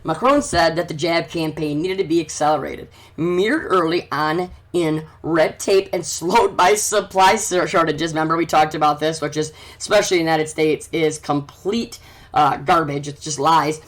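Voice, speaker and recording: A man's voice: on the high side, steady tone, normal speed. A man hosting a commentary vlog, reading news aloud and ranting about it in a fervent, preachy way that urges his listeners. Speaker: channel host.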